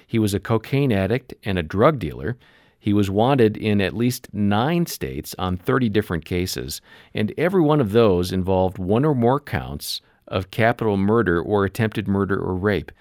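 A man hosting a Christian radio program, narrating a story in a measured, earnest way. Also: lowish voice, animated, darkish tone, no echo, clean studio sound. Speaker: radio ministry host.

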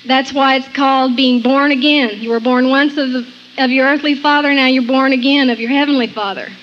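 A woman's voice: sits high, steady tone, brisk, muffled recording, faint music behind. A woman giving an earnest personal Christian testimony, often laughing between sentences and quoting scripture.

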